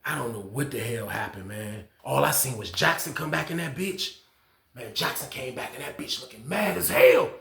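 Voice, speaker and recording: Animated gravelly man telling a story. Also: medium pitch, moderate pace, reverberant. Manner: animated, acts out quotes with shouts and slang. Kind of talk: casual prison storytime.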